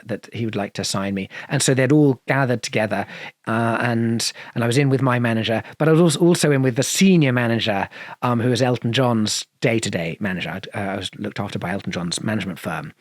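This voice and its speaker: A guest musician with a posh English accent tells long stories in a casual interview, rambling with many restarts and fillers. His voice is lowish, and the studio sound is clean with no room sound.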